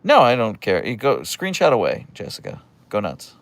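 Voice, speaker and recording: A man's voice: lowish voice, wildly swooping pitch, moderate pace, vocal fry, dry recording. A young man from the Pittsburgh area hosting a casual livestream, reading out chat messages and answering with teasing, dry jokes. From Pittsburgh area, USA.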